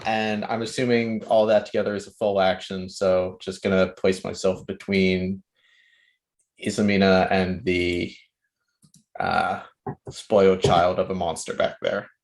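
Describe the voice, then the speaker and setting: A man playing a tabletop game, who describes his character's actions step by step in a deliberate way. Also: low voice, little pitch movement. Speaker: player. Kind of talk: casual tabletop game chat.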